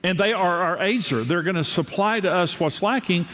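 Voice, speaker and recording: A man's voice: high-pitched, normal speed, fairly bright tone, in a large hall. An older man as pastor, giving a sermon on marriage with humorous storytelling, his voice jumping up when he mimics others. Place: large room with a live audience.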